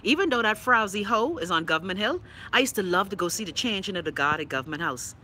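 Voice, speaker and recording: A woman's voice: medium pitch, lively intonation, fast talker, pushed and bright. A Bahamian woman hosting a casual live stream, reading viewer comments in a blunt, sassy, profane way, her throat scratchy from pollen.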